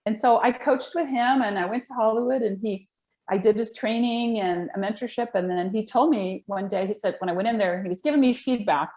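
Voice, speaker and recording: A middle-aged woman who works as a live video and voice coach appears as a guest in a casual interview. Speaking fairly quickly in a mid-range voice, she tells animated, rambling stories.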